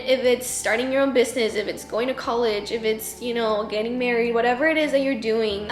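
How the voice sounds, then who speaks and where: A woman's voice: on the high side, a bit bright, reverberant. A woman in her twenties, a boutique owner, giving a heartfelt and emotional motivational talk, rambling and teary with her voice cracking. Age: 20s. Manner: emotional, rambling, says "like" and "you know" a lot.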